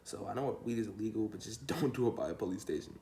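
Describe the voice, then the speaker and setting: A young storytime vlogger tells his viewers a rambling, slangy story in a laid-back way. He talks quickly in a fairly low, warm voice.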